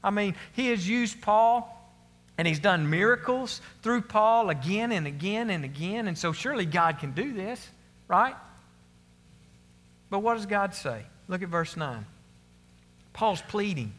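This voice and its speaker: A man's voice: high voice, animated, measured pace, a bit bright, big-room sound, a little hiss or hum. A man preaching a sermon to his congregation, earnest and emphatic, repeating his key phrases. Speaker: pastor.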